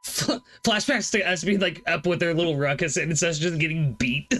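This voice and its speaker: A man's voice: high voice, sing-song, a little slow, fairly bright tone. A man playing a tabletop game, playful and laughing often. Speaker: player. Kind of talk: casual tabletop role-play.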